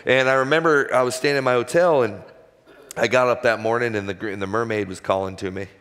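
A man in his forties giving an animated personal testimony talk as a guest speaker in a large church auditorium. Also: mid-range voice, fast. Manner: conversational, animated storytelling. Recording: long hall reverb.

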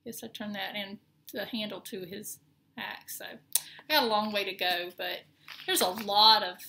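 Southern lady rambling about her stitching, bright voice, lots of ums. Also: mid-range voice, steady tone, normal speed, a little hiss or hum. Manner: chatty, rambling, with many ums and restarts. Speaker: cross-stitch vlogger. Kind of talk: casual show-and-tell.

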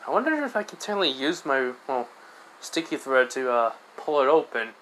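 A man's voice: mid-range voice, lively intonation, a little fast, a bit bright, a little hiss or hum, lightly acted, poor audio. A man voicing a young male ninja reborn as a slime, speaking mildly and casually with hesitant fillers.

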